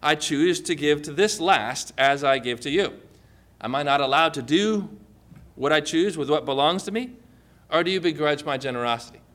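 A preacher speaking as a generous male vineyard owner, calm and firm. He answers in a measured, steady tone, a little lower than the preacher's own voice. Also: lightly acted.

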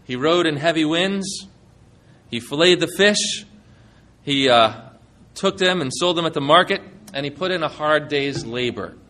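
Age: adult. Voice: a folksy, conversational male preacher, slightly high-pitched. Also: expressive, unhurried, pushed and bright. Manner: conversational, folksy plain talk. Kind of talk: sermon.

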